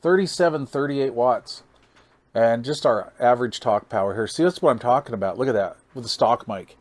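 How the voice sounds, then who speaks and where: A radio hobbyist channel host demos radio gear hands-on, folksy and amazed, thinking aloud as he reads meters. His voice is medium-pitched and brisk, and he counts into the mic during test calls.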